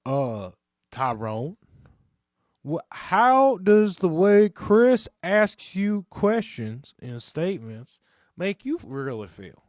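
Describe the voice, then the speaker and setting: Man putting on a blustering TV psychologist, high, loud, stagey, slow. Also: sing-song, no room sound, clean studio sound, heavily acted. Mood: probing.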